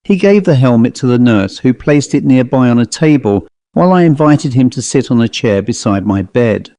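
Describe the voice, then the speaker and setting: A man reading his own first-person ghost story aloud in a measured, suspenseful way. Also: medium pitch, animated, mellow, no room sound. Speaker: author and reader. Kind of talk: first-person scripted narration.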